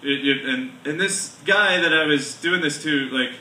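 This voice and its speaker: A man on a bar stage tells a long stand-up story in a halting, rambling way, stumbling through fillers as he goes. His voice is very bright and a little high. It is caught from a distance in an echoey room with a faint hiss underneath. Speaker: stand-up comedian. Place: bar comedy venue. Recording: echoey room, mic from far off.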